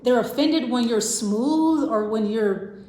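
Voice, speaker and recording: A woman's voice: on the high side, takes it slowly, mellow. Woman reading tarot in an echoey room. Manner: rambling, thinking aloud with restarts and self-repeats. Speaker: tarot reader. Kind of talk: casual tarot reading to camera.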